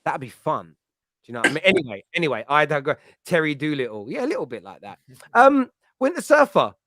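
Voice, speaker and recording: A man's voice: medium pitch, sing-song, quick pace, pushed and bright, no echo. A man, hosting a casual football chat and telling rambling, jokey stories. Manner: chatty, rambling, jokey storytelling. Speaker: podcast host.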